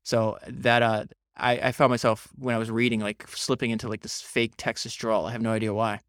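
A man's voice: mid-range voice, level tone, brisk, a bit bright, clear, resonant tone, no room sound, studio quality. A man hosting a solo book podcast, speaking with enthusiasm and frequent restarts. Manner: enthusiastic, with many restarts and fillers. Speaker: podcast host.

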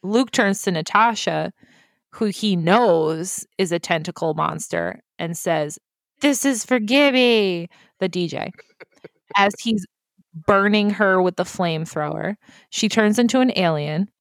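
A woman co-hosting a casual movie recap chat, animated and quick to laugh, swearing freely. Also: lowish voice, creaky, dry recording, clean studio sound. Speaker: podcast co-host.

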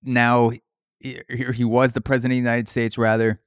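A man's voice: medium pitch, flat delivery, moderate pace, clean tone, dry recording, studio quality. Profane man riffing solo. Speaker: podcast host. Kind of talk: comedic solo monologue.

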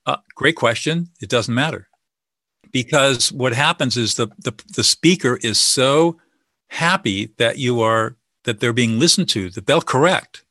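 A man with a bright, forceful voice lays out his methods in a confident, teaching manner. The sound is dry and close, with no room around it. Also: medium pitch, unhurried, dry recording. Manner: confident, teaching, acts out sample dialogue. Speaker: guest expert on listening and de-escalation. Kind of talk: explanatory interview talk.

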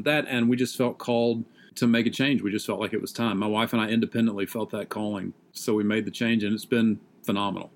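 A man answering an interview question, earnest and deliberate in his explanation. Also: fairly low pitch.

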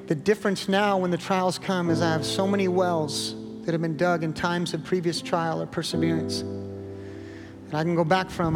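A middle-aged male pastor preaching a sermon with earnest, pleading encouragement, then leading a prayer. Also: fairly high pitch. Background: guitar music.

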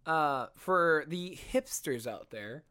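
A man's voice: a little high, expressive, slow, pushed and bright, smooth. A man co-hosting a podcast in casual chat, blunt and profane, ranting about music. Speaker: podcast co-host.

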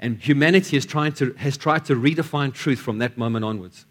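A man's voice: mid-range voice, brisk. Preacher man telling a sermon story. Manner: storytelling with repeated words and restarts.

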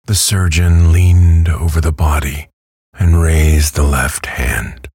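Super deep calm guy reading a sleep story, really slow, husky and dry. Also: no room sound. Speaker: audiobook narrator. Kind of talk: soothing bedtime story narration.

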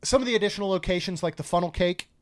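A man's voice: high voice, very fast, a crowd in the background. A man co-hosting a casual podcast, chatting and joking while reading out a food menu. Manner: chatty, jokey, reads menu items aloud. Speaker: podcast co-host.

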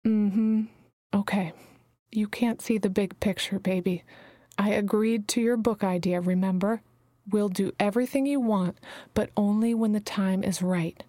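A woman's voice: mid-range voice, fairly even intonation, a little slow, dark tone, no room sound, natural voice. A woman voicing a motherly female healer who calls everyone her babies, speaking soothingly and sometimes dropping to a whisper, in a dry recording. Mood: coaxing. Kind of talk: audiobook character reading.

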